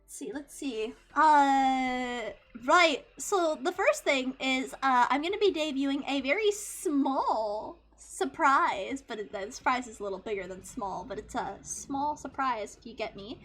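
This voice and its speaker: High bright-voiced giggly woman streamer. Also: a little slow. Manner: giggly and excitable, swears freely, bursts into squeals; talks to chat, thanks subscribers. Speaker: VTuber streamer. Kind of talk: casual live-stream chat.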